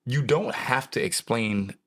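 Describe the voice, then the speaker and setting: A young adult man co-hosting a podcast in casual chat, animated and jokey with a preacher-like emphasis. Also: medium pitch, unhurried. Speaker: podcast co-host.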